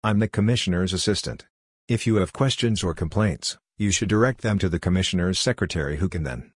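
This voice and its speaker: A dismissive young male assistant talks down to everyone in clipped, smug sentences, as a male reader puts him on. The voice sits low and husky. It is recorded close and dry. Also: brisk, dry recording. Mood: curt. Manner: curt and condescending.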